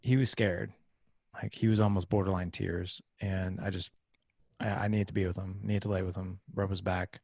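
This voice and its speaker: A man in his thirties talks as a podcast guest, his voice low and rough with vocal fry. He tells a story with energy and acts out the other voices in it. The sound is dry and close, with no room echo. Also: normal speed. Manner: animated storyteller acting out quoted voices. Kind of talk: casual interview storytelling.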